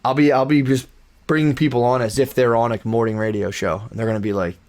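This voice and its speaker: A man's voice: medium pitch, steady tone, fast talker, a little mellow. A young man co-hosting a podcast in casual chat, rambling with lots of fillers and restarts. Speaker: podcast co-host.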